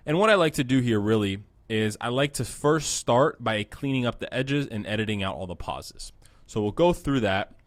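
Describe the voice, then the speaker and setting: A man's voice: on the low side, no echo. A young man casually walking through a video editing tutorial with a practical tone and frequent fillers, speaking into a close mic. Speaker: course instructor. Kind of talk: screen-recorded editing tutorial.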